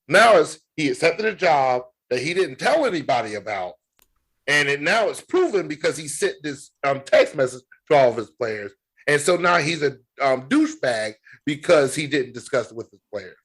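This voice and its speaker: Animated man talking sports. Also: a little high, moderate pace, husky. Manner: animated, emphatic storyteller. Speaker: podcast co-host. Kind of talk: casual sports talk.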